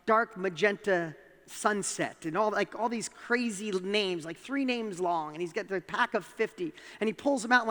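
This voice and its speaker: A man with a New York accent giving a motivational talk, telling a personal story with animated, emphatic rises in his voice. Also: sits high, big-room sound. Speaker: speaker.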